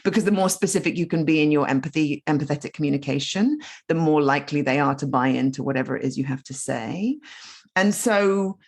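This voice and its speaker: A woman guest on a podcast, a storytelling coach explaining her ideas in casual, animated conversation. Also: deep voice, brisk, breathy edge. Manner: animated, explaining with many asides.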